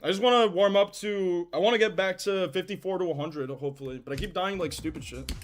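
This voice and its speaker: A man's voice: sits high, fast. A young man casually chatting while livestreaming a game, rambling in slang and swearing freely. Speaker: game streamer.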